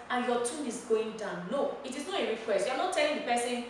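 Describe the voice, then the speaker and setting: A woman teacher with a Nigerian accent gives a classroom lesson in a fairly high voice. She speaks emphatically and repeats key words to drill them in. She is heard from some distance in a strongly echoing room with faint noise behind. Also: animated, brisk, a bit bright. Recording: echoey room, mic far off.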